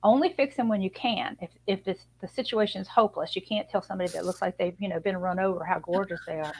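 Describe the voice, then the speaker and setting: A woman speaking from a video call tells a story with lively, chatty energy and an easy laugh. Her voice sits at a middling pitch. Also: fast talker, husky, low-quality recording. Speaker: guest author and image consultant.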